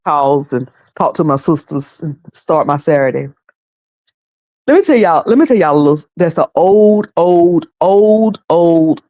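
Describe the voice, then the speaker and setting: Lively woman livestreamer, dry close sound. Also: deep voice, no room sound. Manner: lively, colloquial and preachy, often laughing. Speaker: livestream host. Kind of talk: casual livestream commentary.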